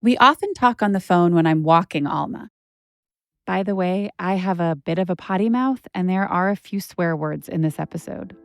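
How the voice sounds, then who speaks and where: A woman's voice: fairly low pitch, moderate pace, no echo, studio quality. A woman journalist hosting a podcast, narrating her own story in a candid, conversational way with casual fillers.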